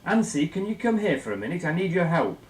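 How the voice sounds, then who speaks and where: A man presenting a scripted lesson, measured and explanatory, asking guiding questions. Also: a little high, sing-song, echoey room, poor audio. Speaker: instructor.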